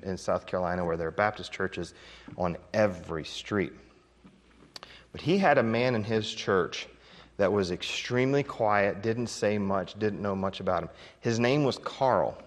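A man preaching a sermon as a pastor, telling folksy stories with chuckles and emphatic swings in loudness. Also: fairly low pitch, in a large hall.

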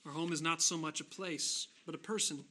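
A man preaching a sermon as pastor, emphatic, slowing down and rising on key phrases, then softer in the closing prayer. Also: a little high, steady tone, background noise.

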